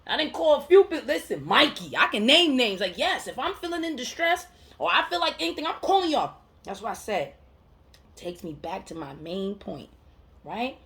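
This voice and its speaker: A woman's voice: a little high, big pitch swings, moderate pace, a bit bright. A woman mental health counselor giving a heartfelt motivational monologue to camera, emphatic and slangy, repeating phrases to drive her point home.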